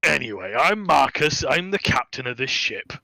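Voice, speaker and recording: A man voicing a loud, jovial, heavyset male ship captain who talks slowly and heartily. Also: very animated, creaky, no echo, full character voice, poor audio. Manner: booming, slow, hearty.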